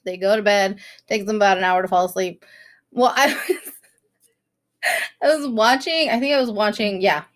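A woman's voice: medium pitch, normal speed, long pauses. A woman in her thirties co-hosting a podcast, telling a story with lots of laughter and casual swearing. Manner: animated storytelling, laughs often, swears freely. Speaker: podcast co-host. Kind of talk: casual chat.

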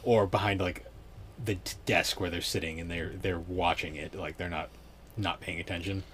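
A man's voice: deep voice, steady tone, normal speed, fairly bright tone, a little hiss or hum. A young man hosting a podcast in laid-back, rambling casual chat. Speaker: podcast host.

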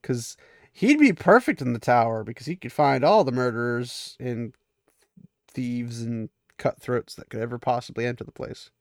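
This book recap host speaks at medium pitch and a moderate pace, with studio-quality sound and no room noise. He chats his way through a fantasy novel's plot, amused by it, laughing along and giving the characters light voices.

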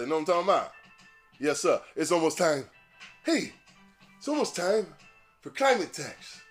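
A man with a voice a little higher than most rambles through a casual podcast monologue. He swears freely and breaks into laughter at his own jokes. Faint music sits behind him. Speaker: podcast host.

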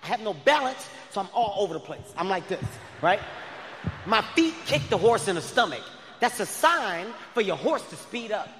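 A stand-up comedian telling a story on an arena stage, loud and animated, often shouting his punchlines. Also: sits high, moderate pace, slight background noise. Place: large arena stage before a live crowd. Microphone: handheld stage mic. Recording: arena reverb with loud crowd.

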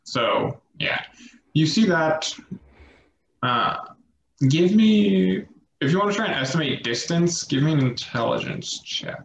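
A man's voice: a little high, unhurried, vocal fry, slight background noise. Brief: male game master, loose and rambling, in an echoey room on a dull mic. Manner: relaxed, rambling, many fillers. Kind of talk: narrating a tabletop game.

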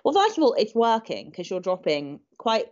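A woman's voice: medium pitch, wildly swooping pitch, moderate pace, a little mellow. A woman co-hosting a podcast, giving frank, practical fitness advice in a casual chat with loose fillers. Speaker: podcast co-host and fitness coach. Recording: dull lo-fi sound.

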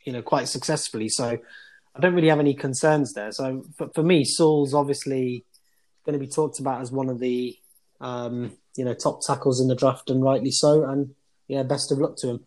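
A man's voice: medium pitch, fairly even intonation, brisk, darkish tone. British male podcast co-host, casual, rambling delivery, frequent ums. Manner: rambling, many fillers and restarts. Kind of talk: casual football analysis.

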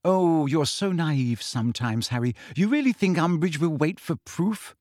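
A man's voice: on the high side, animated, moderate pace, a little mellow, no echo, studio quality, pitched above the performer's own voice, close to an everyday voice. A man voicing a clever, bad-tempered teenage schoolgirl in an audiobook, snappish and clipped. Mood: irritated. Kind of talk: audiobook character voice.

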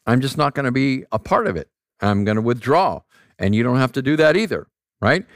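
A man preaches, his pitch rising and falling in a lively way. He talks to his listeners conversationally, tells stories and tosses out rhetorical questions. The recording is dry and close. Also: brisk, no room sound. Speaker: pastor. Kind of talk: sermon.

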